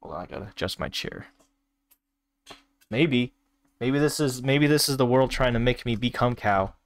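A man streaming a virtual world game, reacting out loud in casual commentary with laughs and exclamations. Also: animated, moderate pace. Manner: laughing, exclaiming, sudden high squeals. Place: at home at a desk.

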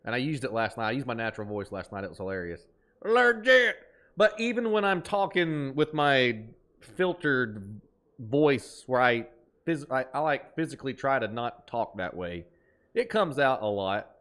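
A man's voice: medium pitch, expressive, normal speed, a bit bright. A man with an Appalachian twang, chatting casually while streaming a game, reading chat aloud and laughing easily.

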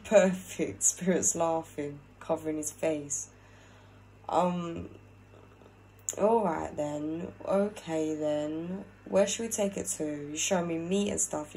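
Low-voiced woman doing a casual spirit reading. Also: dark tone, slight background noise, poor audio. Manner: conversational, repeats herself and checks with "yeah?". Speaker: spiritual medium channeling a spirit.

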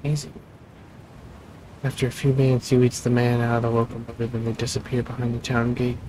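A man's voice: medium pitch, completely flat delivery, quick pace, a little mellow, slight background noise, low-quality recording. A man hosting a gaming channel, reading a text adventure aloud and breaking off for casual asides about the game. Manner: reads game text, then chats in asides.

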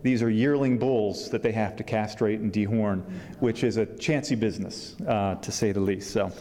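Mellow-voiced man reading in an echoing hall. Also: on the low side. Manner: halting with fillers when speaking freely, steady when reading. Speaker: author at a book fair reading. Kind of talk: public reading from his novel. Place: event hall.

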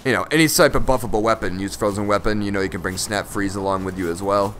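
A young man giving excitable, profane live commentary over his own gameplay, often bursting into shouts. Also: on the low side, fast, slight background noise. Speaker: gaming channel host.

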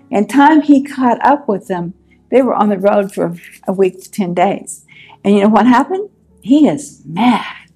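A woman retells a Bible story in a relaxed, animated way, slipping into the characters' lines. Her voice sits at a middle pitch. Soft music plays faintly behind her. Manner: lively storytelling, acting out quotes. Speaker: Bible teacher.

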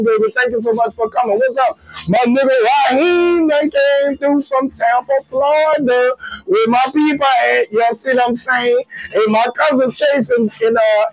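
A comedian with a New Orleans accent hosting a live stream, loudly greeting viewers by name in playful banter. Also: male voice, very high voice, no echo, dull audio. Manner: loud, playful, shouts out commenters, sing-song theme chants.

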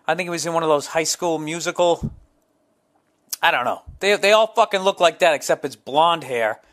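A man's voice: fairly high pitch, moderate pace, fairly bright tone. A middle-aged man, hosting a solo podcast, telling profane, rambling comic stories. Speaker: podcast host.

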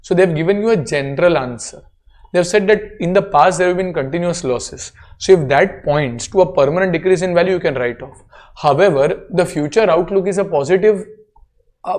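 A man's voice: high voice, a little mellow. A man with an Indian accent giving a classroom accounting lecture, explaining step by step and checking in with students.

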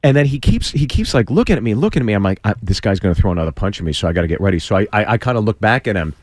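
A man's voice: lowish voice, expressive, racing, no echo. A man, a stand-up comedian, telling a story on a radio show and acting out the voices of the people in it, with lots of restarts. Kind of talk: animated storytelling. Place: radio studio. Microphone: studio mic.

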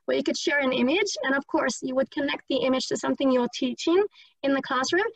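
A woman teacher giving an online training talk, quick and chatty, with many fillers and restarts. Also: sits high, gravelly, dry recording. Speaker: English teacher presenting at a conference. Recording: dry, slightly dull lo-fi audio.

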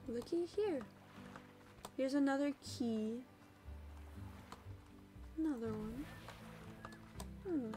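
A woman's voice: sits high, animated, very slow, pauses often. A woman streaming a game, chatting casually and squealing and cooing at the creatures on screen. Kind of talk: casual gameplay commentary. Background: game music.

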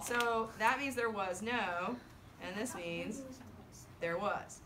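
A woman French teacher leading her class, counting down and reading aloud slowly in chorus with the students, then explaining in a brisk, lively way. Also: mid-range voice, heavy background noise. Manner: animated, leads choral reading with slow drawn-out words and countdowns. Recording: echoey classroom from far off.

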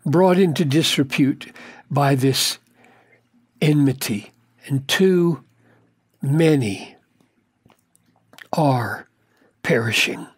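An older man, a pastor, giving an earnest, deliberate Bible commentary and stretching key words for emphasis. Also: medium pitch, breathy edge, no room sound, studio quality.

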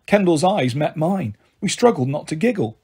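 A man reading a children's novel aloud as storyteller, in a gentle, friendly way. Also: on the high side, lively intonation, moderate pace, breathy edge.

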